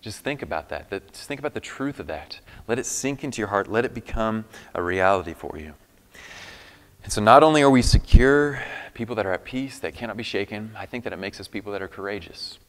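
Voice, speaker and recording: A man's voice: fairly low pitch, expressive, brisk, big-room sound. A man preaching a sermon as pastor, earnest and emphatic, often restarting his phrases. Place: church hall.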